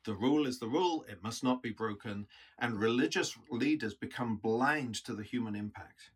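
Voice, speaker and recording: A man delivers a reflective sermon at a middling pitch. His voice is husky. He teaches in an earnest, thoughtful manner. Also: normal speed. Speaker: preacher.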